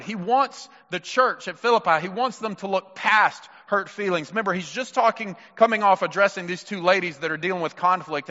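Emphatic preacher in a reverberant hall. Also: male voice, sits high, bright, forceful tone. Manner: emphatic, addresses mothers directly. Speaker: pastor. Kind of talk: sermon. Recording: muffled sound with long hall reverb.

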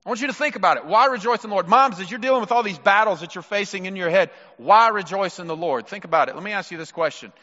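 Male pastor, sermon, slightly high voice, muffled recording. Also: quick pace, few pauses, sharp tone. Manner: emphatic, addresses mothers directly. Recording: muffled sound with long hall reverb.

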